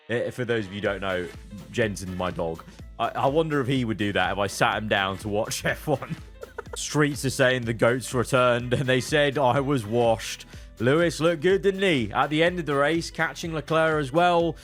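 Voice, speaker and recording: A man hosting his channel, chatting through meme reactions, quipping quickly and laughing often. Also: medium pitch. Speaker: channel host.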